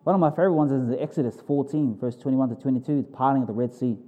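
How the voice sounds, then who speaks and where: A pastor preaching a sermon in an informal, animated way, telling stories vividly and breaking off for quick self-corrections. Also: male voice, narrow, tinny audio. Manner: animated, vivid storytelling with sudden high exclamations.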